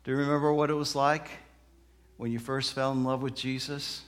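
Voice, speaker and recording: A man preaching a sermon, telling stories and acting out the people in them, moving between soft, slow passages and loud outbursts. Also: mid-range voice, flat delivery. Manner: dramatic, acts out quoted voices, swings from soft to loud. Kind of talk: sermon with storytelling.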